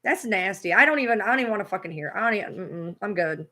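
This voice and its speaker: A woman's voice: mid-range voice, lively intonation, fast, sharp tone. A woman streamer ranting at a clip she is reacting to, swearing hard and repeating herself. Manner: heated, swearing, repetitive. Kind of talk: profane livestream rant.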